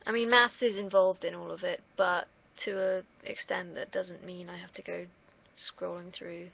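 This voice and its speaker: A woman's voice: fairly low pitch, steady tone, normal speed, gravelly. A young woman from the United Kingdom, rambling candidly in a casual solo livestream and swearing freely. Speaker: streamer. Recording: dull lo-fi mic.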